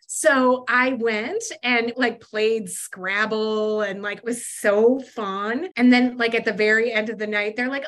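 A woman's voice: mid-range voice, fairly bright tone. A young adult woman, a podcast guest, telling stories in casual conversation, full of "like" fillers and acting out quoted voices with big jumps. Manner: frequent "like" fillers, quick laughs. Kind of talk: storytelling in conversation.

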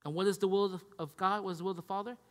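A man's voice: high-pitched, steady tone, racing. A man preaching a conversational sermon, casual and repetitive, checking in with the listeners as he goes. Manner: casual, repeats "right?" and "you guys get me?". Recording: long hall reverb.

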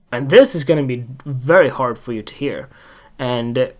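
A man's voice: mid-range voice, moderate pace. Rambling, swearing man hosting a solo podcast. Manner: rambling, emphatic, swears often, asks the listener questions. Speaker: podcast host.

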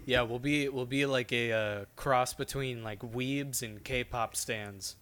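A man's voice: medium pitch, steady tone, slow pace, a bit bright. A young man co-hosting a casual chat, rambling with lots of fillers and casual swearing.

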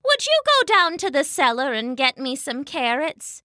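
Brief: a gentle old mother figure, as a female narrator puts her on, high and bright, soothing storybook voice. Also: very animated, moderate pace, no room sound, studio quality, exaggerated voice. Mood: kindly. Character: kindly old woman, gentle and patient.

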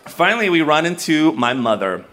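A man's voice: on the high side, very animated, normal speed, fairly bright tone, slight background noise. A young man telling a personal story live to an audience, candid and self-mocking, often laughing as he talks.

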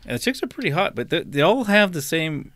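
Bright-voiced man joking in a dry room. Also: a little high, very animated, dry recording. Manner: joking, laughing, halting. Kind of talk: crude casual chat.

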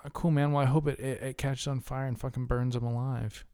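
A man's voice: medium pitch, level tone, fairly quick, darkish tone, clean tone, no room sound, studio quality. A man co-hosting a casual podcast, ranting with heavy profanity. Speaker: podcast co-host.

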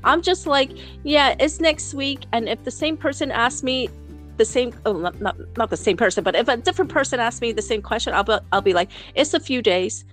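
A woman's voice: a little high, fast talker, faint music behind. Blunt New woman podcaster. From New York City. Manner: blunt, animated, swears freely, many fillers and restarts. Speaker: podcast co-host. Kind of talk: casual chat.

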